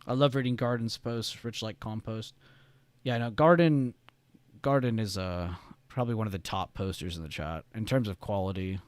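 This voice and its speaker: A young man hosts a casual trading live stream, rambling, reading the chat aloud and swearing casually. His voice is fairly low, at a normal speed, with a clear, resonant tone. There's no room sound in the recording.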